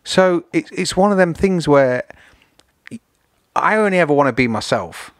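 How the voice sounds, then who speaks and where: A man's voice: a little high, normal speed, no echo, studio quality. A man, a podcast guest chatting casually, telling stories and acting out the people in them. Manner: animated storyteller who acts out voices. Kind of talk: casual chat.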